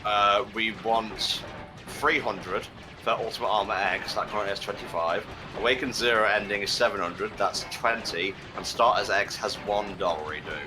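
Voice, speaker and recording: A man with a fairly low voice hosts a charity game stream, joking around and reading out donation goals. His talk is loose, sweary banter. Game music plays clearly underneath. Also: normal speed, rough recording. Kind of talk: casual gaming commentary.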